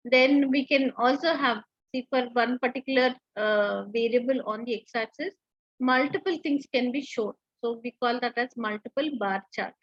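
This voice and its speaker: A woman's voice: a little high, breathy edge, no room sound, lo-fi sound. A woman teacher giving an online lecture, explaining step by step with frequent fillers and restarts.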